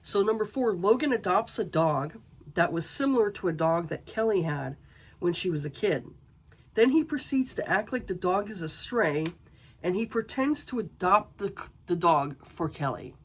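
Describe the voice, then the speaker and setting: A woman's voice: on the low side, animated, moderate pace, husky. A woman giving a casual, exasperated book review, ranting with swearing and rhetorical questions.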